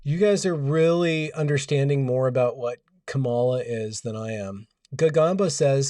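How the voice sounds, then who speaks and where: A man's voice: mid-range voice, moderate pace, few pauses, warm tone, dry recording, clean studio sound, recorded from a distance. A man hosting a casual livestream, rambling wryly and reading out viewers' comments. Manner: rambling, wry, reads out chat comments. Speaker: livestream host. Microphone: home audio setup.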